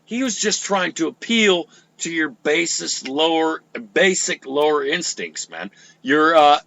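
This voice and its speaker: Animated high-voiced ranting male host. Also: measured pace, creaky, rough recording. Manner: heated, sarcastic, swearing. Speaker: show host. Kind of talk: profane live political rant.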